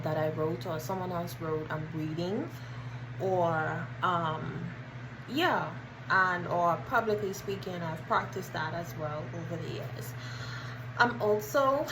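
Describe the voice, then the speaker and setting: A Bahamian woman speaking to camera in a chatty, earnest way, her accent showing through as she works at standard English. Her voice sits a little low. A steady background noise runs clearly under the recording. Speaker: content creator. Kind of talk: casual vlog talk.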